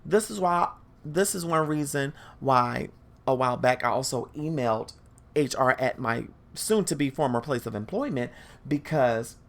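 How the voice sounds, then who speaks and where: A woman hosting a podcast, telling a story in a monologue and speaking emphatically and directly to her listeners. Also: low-pitched. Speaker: podcast host.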